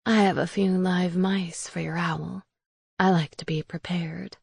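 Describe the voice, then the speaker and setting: Creepy old crone as read by a woman, slow low whisper, close dry mic. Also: fairly even intonation, vocal fry, a little mellow, husky, dry recording, exaggerated voice. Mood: sly. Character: frail ancient witch crone, eerie, knowing. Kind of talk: audiobook character voice.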